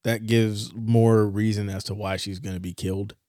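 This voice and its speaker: Male co-host with a low voice, dry close sound, steering the chat and reading lines aloud. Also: level tone, normal speed, warm tone, no echo. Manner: leads the session, reads out script lines. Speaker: podcast co-host. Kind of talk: casual chat.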